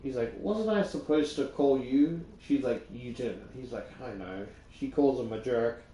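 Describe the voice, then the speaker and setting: A man's voice: mid-range voice, expressive, normal speed, mellow, a little hiss or hum. A young Australian man casually reading and retelling a book, rambling with lots of fillers and restarts. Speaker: YouTuber reading a book aloud. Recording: roomy echo.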